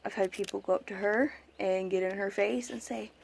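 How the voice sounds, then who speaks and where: A young woman ranting in a casual vlog, emphatic and fed up, with a gravelly fry creeping into her mid-pitched voice. Faint outdoor ambience and a few birds sit behind her. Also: steady tone, fairly quick, a little hiss or hum. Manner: exasperated, emphatic, mimics other people. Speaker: vlogger, autism parent.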